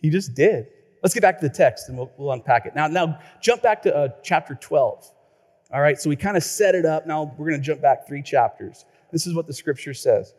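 A male pastor preaching a sermon, telling stories in a lively way and repeating words when excited. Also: on the high side, brisk, long reverb tail.

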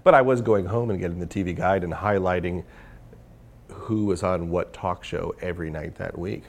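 A man's voice: low voice, moderate pace, gravelly, a little hiss or hum. A man talking candidly in an interview as the guest, rambling with many fillers and restarts. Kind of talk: casual interview conversation.

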